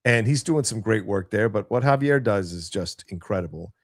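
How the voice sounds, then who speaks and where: A man's voice: lowish voice, expressive, normal speed. A man as co-host in a casual chat, agreeable with short replies.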